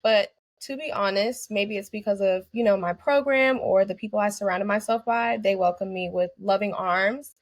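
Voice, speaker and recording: A woman's voice: mid-range voice, normal speed, hardly any pauses, no echo, dull audio. A young woman, an anesthesia student guest on a podcast, speaking in an earnest, reflective way with many "you know" fillers. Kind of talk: podcast interview.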